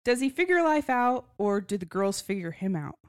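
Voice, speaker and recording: A woman co-hosting a casual book club podcast, chatty and quick to laugh. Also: mid-range voice, big pitch swings, clear, resonant tone. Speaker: podcast co-host.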